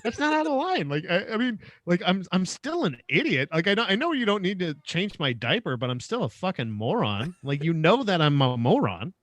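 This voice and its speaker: A man's voice: high-pitched, sing-song, brisk, few pauses, fairly bright tone, no echo. A man co-hosting a podcast, trading crude, self-mocking banter in a casual chat. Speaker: podcast co-host.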